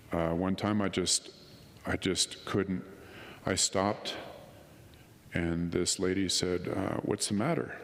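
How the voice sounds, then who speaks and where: A man's voice: low-pitched, noisy background. A man giving an earnest, emotional personal testimony at a conference, acting out what others said to him. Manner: earnest and emotional, quoting others in lively voices. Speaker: conference speaker. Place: conference hall. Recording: long reverb of a hall.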